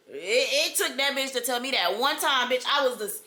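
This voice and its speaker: A young woman, dramatically telling the story of her birth in a casual storytime vlog, with laughter and sudden loud outbursts. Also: sits high, expressive, normal speed, hardly any pauses. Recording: echoey room.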